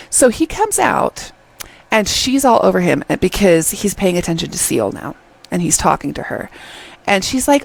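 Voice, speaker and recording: A woman casually recapping a drama, talking in an animated, exasperated way, often checking in with "okay?". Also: mid-range voice, moderate pace, vocal fry, slightly rough. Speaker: drama reviewer.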